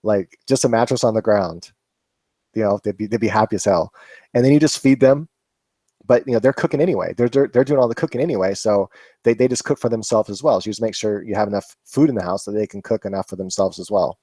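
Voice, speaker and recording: A man's voice: lowish voice, fast, warm tone, dry recording. A man hosting a live Q&A, chatting casually and rambling with laughs and swearing. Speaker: vlog host answering viewer questions.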